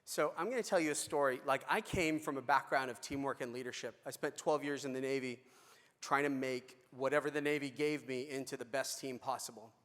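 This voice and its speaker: A man's voice: medium pitch, fairly even intonation, a little fast, a bit bright. A middle-aged man giving a conference talk, telling a story in a conversational way with fillers and restarts. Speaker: conference speaker. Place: large conference hall. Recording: reverberant hall.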